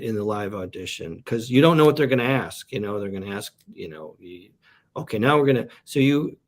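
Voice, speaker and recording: A man, a comedian and actor, chatting as a guest in a casual interview and telling meandering stories. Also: lowish voice.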